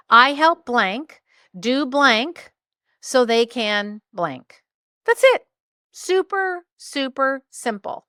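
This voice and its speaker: A woman hosting a solo podcast, coaching listeners in an animated, playful way with jokey asides. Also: on the high side, clear, resonant tone, no room sound, clean studio sound. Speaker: podcast host and business coach.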